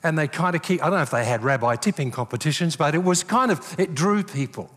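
Speaking fast and on the high side, an older pastor tells stories during his sermon and performs the voices of the people he quotes with animation. The recording carries the long reverb of a large church hall.

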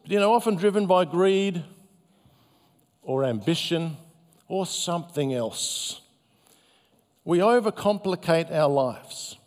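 A male pastor giving a sermon in a gentle, conversational, self-deprecating way. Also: high voice, expressive, takes it slowly, long pauses. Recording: long hall reverb.

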